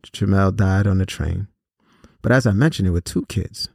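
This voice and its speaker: A man earnestly telling a personal story to students in a measured way, with pauses and fillers. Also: low voice, vocal fry, a little mellow, husky, dry recording, studio quality. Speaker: host and speaker on violence prevention.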